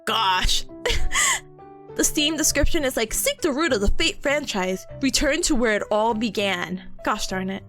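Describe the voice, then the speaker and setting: Giggly high-voiced woman streamer. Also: lively intonation, a little slow, fairly bright tone, soft background music. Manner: bubbly, giggly, rambling. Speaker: VTuber streamer. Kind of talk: casual stream chat.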